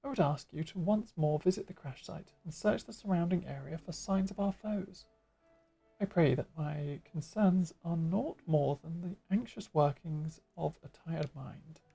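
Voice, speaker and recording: A woman's voice: low-pitched, unhurried, vocal fry, mellow, slightly rough, faint music behind, heavily acted. A woman voicing a tired human military commander who speaks in formal, old-fashioned phrasing while reading game dialogue. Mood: troubled. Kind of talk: game dialogue read aloud.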